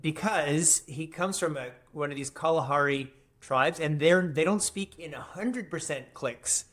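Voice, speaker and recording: A man's voice: a little high, measured pace, fairly bright tone. A man, a historian and futurist, talking emphatically in a podcast interview and repeating phrases to drive his points home.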